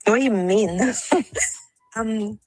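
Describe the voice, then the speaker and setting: A woman on a live call who speaks slowly and hesitantly, dodging questions and turning them back on the host. There is faint music behind her. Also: mid-range voice, darkish tone, dry recording, rough recording. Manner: evasive, defensive. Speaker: caller.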